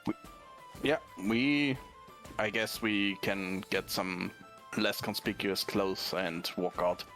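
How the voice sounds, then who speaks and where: A man at a tabletop game with a somewhat low voice, easygoing and quick to laugh. His talk is casual and unhurried. Faint music sits behind him. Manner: relaxed, laughs often. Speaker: player.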